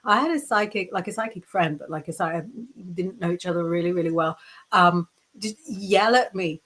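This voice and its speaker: A woman's voice: on the low side, a little fast, a bit bright. A woman from the UK co-hosting a live psychic stream, chatty and reading out viewer comments. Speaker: co-host psychic.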